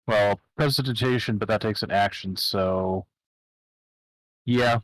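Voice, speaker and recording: A man with a somewhat low voice plays a tabletop game, reasoning out loud about his next move. His speech is casual. The recording is dry, with no room sound. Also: unhurried, dry recording, poor audio. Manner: thinks aloud, weighing options. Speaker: player.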